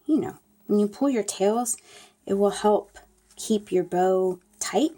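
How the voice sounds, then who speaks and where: A woman's voice: mid-range voice, takes it slowly, warm tone. A middle-aged woman, chatting folksily to viewers while she demonstrates a paper craft at her table. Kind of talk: casual crafting tutorial.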